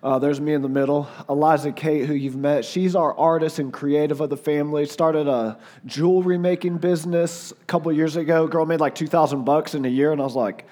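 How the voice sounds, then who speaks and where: A man in his forties with a Southern US accent, a guest preacher telling casual, joking stories about his family with a hoarse, fading voice. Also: a little high, steady tone, a little fast, few pauses, mellow. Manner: chatty and joking, lots of "like" and "uh". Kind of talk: casual storytelling before a sermon.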